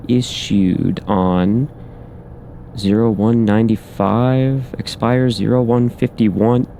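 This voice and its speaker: A man's voice: mid-range voice, creaky, warm tone, a little hiss or hum. A man hosting a horror game playthrough, muttering to himself as he works through codes and making wry asides. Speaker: gaming channel host. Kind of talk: let's play commentary.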